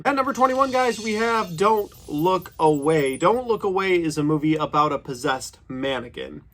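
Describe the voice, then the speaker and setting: Chatty opinionated man in his thirties. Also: on the high side. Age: 30s. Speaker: horror movie reviewer. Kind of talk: casual ranked movie review.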